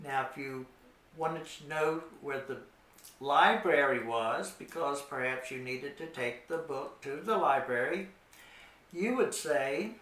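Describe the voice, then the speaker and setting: Middle-aged man, a touch high-voiced, teaching kids at a crawl, echoey room. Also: fairly bright tone. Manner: patient, repeats each word slowly. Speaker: Spanish teacher. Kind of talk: slow children's language lesson.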